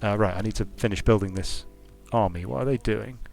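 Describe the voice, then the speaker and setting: Faint music plays behind a British man, a game designer, who chats loosely and muses aloud while streaming a strategy game. His voice is on the low side with a darkish tone and some vocal fry, and his delivery is fairly quick.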